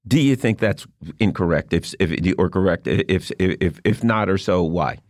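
Very deep-voiced male talk show host. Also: a little mellow, no echo, studio quality. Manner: halting, repeated restarts with fillers. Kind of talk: interview questions.

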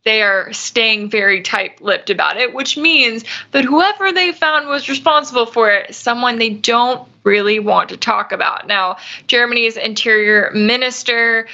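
A woman's voice: a little high, unhurried, gravelly, few pauses, sharp tone, highs cut off. A woman hosting a news commentary show, arguing her points through hypotheticals and rhetorical questions. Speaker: radio news host.

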